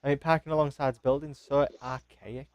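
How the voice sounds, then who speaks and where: A man hosting a casual podcast chat, joking in a wry, deadpan way. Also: mid-range voice, brisk, clear, resonant tone, dry recording. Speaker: podcast host.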